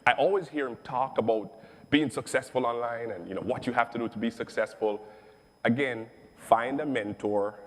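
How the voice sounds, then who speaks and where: A middle-aged man tells his story with emphatic, animated energy, often repeating phrases for stress. His voice sits at an ordinary middle pitch for a man. The recording carries a long, echoing reverb. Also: normal speed. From Jamaica. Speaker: online seller telling his story. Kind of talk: testimonial storytelling.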